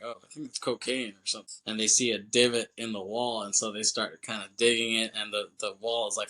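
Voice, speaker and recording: Bright-voiced man recapping a movie. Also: on the low side. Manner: rambling, filler-heavy storytelling with casual swearing. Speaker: podcast co-host.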